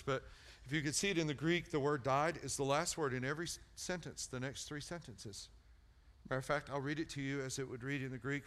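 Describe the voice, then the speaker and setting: A male pastor preaching a sermon, animated and storytelling, repeating words for emphasis and swinging from loud peaks to hushed lines. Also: medium pitch.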